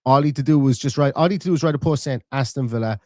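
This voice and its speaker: A man, talking in an animated, rapid-fire way and making his points with energy in a casual football chat. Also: medium pitch, no echo, clean studio sound. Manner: animated, rapid-fire, acts out quoted voices. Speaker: football fan podcast host.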